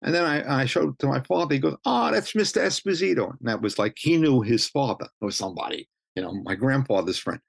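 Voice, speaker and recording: A man's voice: mid-range voice, expressive, fast, creaky, hardly any pauses, no echo. A man, telling stories in casual chat, rambling with many restarts. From Brooklyn, New York. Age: 70s. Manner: rambling, full of restarts and you-knows. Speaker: interviewee, street photographer.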